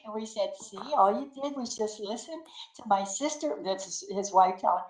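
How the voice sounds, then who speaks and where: An older woman, a great-grandmother, telling lively stories in a casual interview, acting out the quotes and laughing often. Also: mid-range voice, moderate pace, echoey room, rough recording. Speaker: guest.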